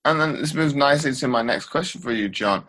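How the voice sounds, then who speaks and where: A man's voice: medium pitch, brisk, fairly bright tone. A man interviewing a coach, asking long, rambling questions.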